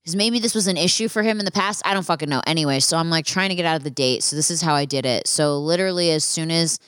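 Young woman, podcast host, low voice, dry close sound, frank casual chat, swears freely. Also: quick pace, a bit bright, smooth, no echo. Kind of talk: casual storytelling monologue.

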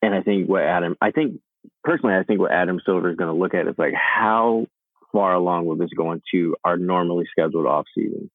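A man's voice: sits low, fast, no echo. A man co-hosting a casual sports podcast, talking in an easygoing, thoughtful way with lots of "you know"s. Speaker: podcast co-host. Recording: tinny phone-like line.

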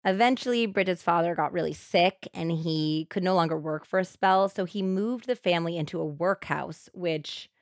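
A woman co-hosting a podcast, telling a true crime story in an animated, expressive way. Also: on the low side, normal speed, few pauses, dry recording, studio quality. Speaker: podcast co-host.

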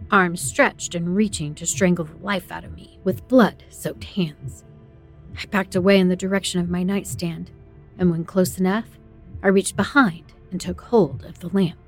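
A woman narrating a first-person horror story in a dramatic, tense storytelling manner. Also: fairly low pitch.

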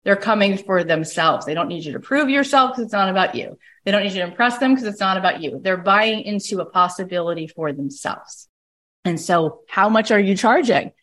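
Woman, 30s, podcast host, upbeat and chatty, playful with quoted asides. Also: fairly bright tone. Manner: enthusiastic, breezy, acts out little quoted scenes with big pitch jumps. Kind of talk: animated motivational podcast talk.

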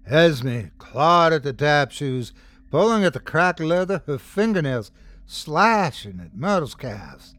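A man's voice: fairly high pitch, big pitch swings, slow pace, fairly bright tone, no echo. A man narrating a scary story as host, dramatic, swelling and dropping for suspense. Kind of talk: scripted horror story narration.

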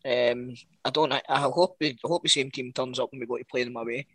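A man's voice: medium pitch, fairly even intonation, fast talker, fairly bright tone, husky. A man with a Scottish accent, co-hosting a podcast in casual chat, blunt and sweary. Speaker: podcast co-host.

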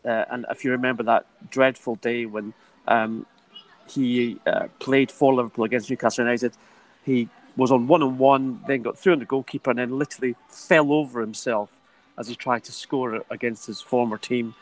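A man of middle pitch telling football stories in a relaxed, chatty podcast style. He laughs often and drifts between asides. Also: moderate pace, poor audio. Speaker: football transfer journalist. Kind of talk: podcast discussion.

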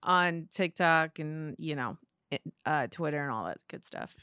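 A woman's voice: low voice, animated, a little slow, bright, forceful tone, clear, resonant tone, no room sound, studio quality. A woman co-hosting a casual comedy podcast, playful and teasing. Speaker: podcast co-host.

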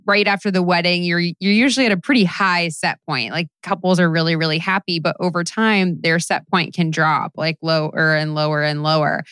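A woman's voice: on the low side, fairly bright tone, clear, resonant tone, no echo. A woman hosting an interview, asking questions in a casual, hesitant way with many fillers. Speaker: podcast host.

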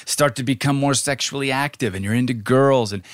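A man in his forties co-hosting a podcast, telling a story in animated casual chat and laughing often. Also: mid-range voice, brisk, dry recording, clean studio sound. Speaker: podcast co-host.

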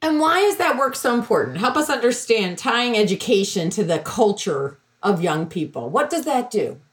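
A woman's voice: a little high, very animated, moderate pace. A woman interviewing a guest, asking encouraging questions.

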